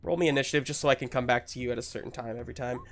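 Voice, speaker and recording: A man narrating a tabletop game as game master, relaxed and rambling with many fillers. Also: medium pitch, very fast, a little hiss or hum.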